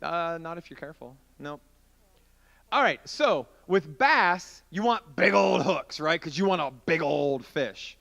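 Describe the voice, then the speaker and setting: A man giving a youth sermon as a story, his voice sitting a little high and bright. He talks in a loose, chatty way and swings his pitch up and down as he acts out the scenes. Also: animated, a little slow, vocal fry. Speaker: youth pastor.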